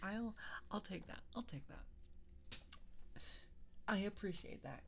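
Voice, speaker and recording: A woman's voice: mid-range voice, expressive, slow pace, creaky, a little hiss or hum. A woman streaming as a VTuber, chatting casually with her live viewers, playful, laughing often and swearing freely.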